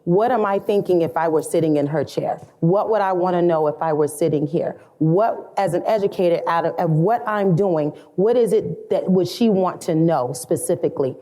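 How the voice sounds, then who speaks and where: A woman's voice: lowish voice, moderate pace, hardly any pauses, dark tone. A middle-aged woman, a salon educator, speaking earnestly and reflectively as a podcast guest, building her points through repeated phrases. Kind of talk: storytelling podcast interview.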